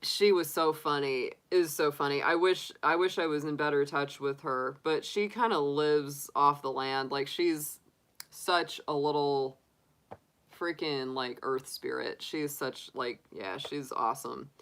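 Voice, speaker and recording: Woman, middle-aged, livestream host, bright tone, slow unhurried pace, chatty, frequent laughter, fillers. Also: low-pitched. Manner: chatty, laughs often, many fillers and restarts. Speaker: tarot reader livestream host. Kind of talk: casual chat to live viewers.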